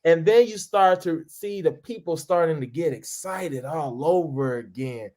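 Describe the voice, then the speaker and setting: A man in his thirties, an interview guest, telling stories in a casual, animated way, acting out other people's voices and often restarting his sentences. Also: fairly high pitch, a little slow. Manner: animated, acts out quoted voices, frequent restarts. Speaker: interview guest, former reality TV cast member.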